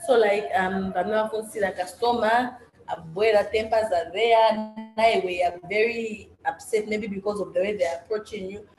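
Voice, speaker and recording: A woman's voice: mid-range voice, fairly even intonation, moderate pace, music in the background. A woman moderating a coaching session and interpreting, switching between English and Swahili and often restarting her sentences. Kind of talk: workshop moderation. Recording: echoey room with faint ambience.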